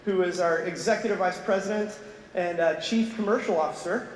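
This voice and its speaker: A man with a notably high voice opens a conference, upbeat and full of thanks, with a few filler restarts. The sound is roomy and reverberant, caught from afar in a big hall with faint noise underneath. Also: a little fast. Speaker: event presenter introducing speakers. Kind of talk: conference opening remarks. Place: large conference hall on stage. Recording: echoey hall, distant mic, faint noise.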